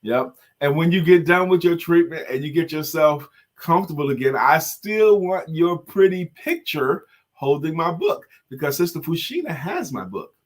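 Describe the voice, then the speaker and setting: A middle-aged man from the United States co-hosting a live online talk show in a lively, playful casual chat. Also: fairly high pitch, moderate pace.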